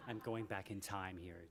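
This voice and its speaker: Joking man in his sixties reading aloud. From Michigan, USA. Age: 60s. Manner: animated and joking, with big swings in pitch and loudness. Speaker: author at a book event. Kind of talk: reading from his memoir to a live audience. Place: library event room.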